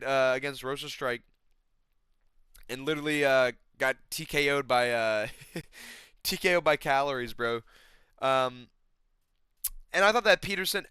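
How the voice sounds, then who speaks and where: A young man chats through fight predictions in a loose, rambling way, swearing and saying "bro" all the time. His voice is bright and smooth. The sound is dry and close, with no room echo. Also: medium pitch. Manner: excitable, rambling, says "bro" constantly, swears. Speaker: MMA predictions host. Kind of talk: casual fight-prediction chat.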